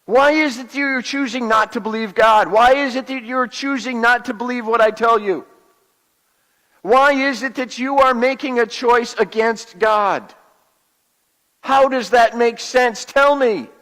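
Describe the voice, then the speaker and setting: A man's voice: very high voice, a little slow, a bit bright, pitched above the performer's own voice. A man putting on a stern, scolding prophet. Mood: angry. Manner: scolding rhetorical questions. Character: stern angry prophet leader, older man. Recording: long hall reverb.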